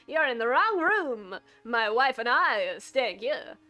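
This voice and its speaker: Woman doing a hearty, rambling older gent in a game, slowish and loud. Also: fairly high pitch, very animated, faint music behind, exaggerated voice. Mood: blustering.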